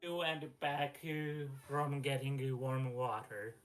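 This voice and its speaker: Hesitant slow-talking man player. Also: medium pitch, soft background music. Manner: halting, many fillers and restarts. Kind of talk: tabletop role-play.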